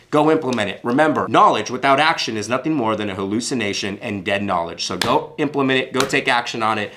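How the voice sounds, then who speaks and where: A man's voice: medium pitch, fairly bright tone. A man coaching viewers on sales calls in an emphatic, punchy way, repeating his key points. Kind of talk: coaching talk to camera.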